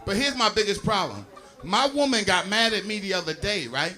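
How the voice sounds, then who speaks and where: A stand-up comedian works a live crowd, his voice high for a man and bright. He talks in an animated, chatty way and keeps checking in with the audience. His pitch swoops all over as he sets up each joke. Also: fairly quick. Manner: animated, crowd-working, frequent "you know what I'm saying". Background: audience laughter.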